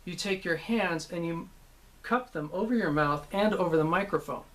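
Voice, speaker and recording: A man, a voice actor, casually recalling his work, rambling with many pauses and restarts. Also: high-pitched, fairly bright tone. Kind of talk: casual anecdotal talk.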